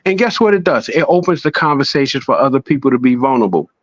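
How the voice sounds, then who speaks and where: A man in a casual podcast chat, swearing freely and preaching with animated storytelling. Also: medium pitch, fast, no echo, highs cut off.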